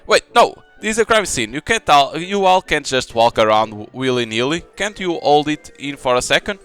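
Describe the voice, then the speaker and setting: Man doing a stern game prosecutor, firm, questioning, mid-pitched voice. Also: lively intonation, normal speed, a bit bright, clear, resonant tone, faint music behind, lightly acted. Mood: exasperated. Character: stern young male prosecutor.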